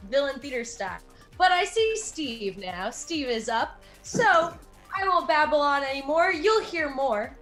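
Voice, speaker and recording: A woman with a high voice hosts a comedy show in an upbeat, chatty way. Faint music plays behind her. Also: fairly bright tone. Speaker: show host.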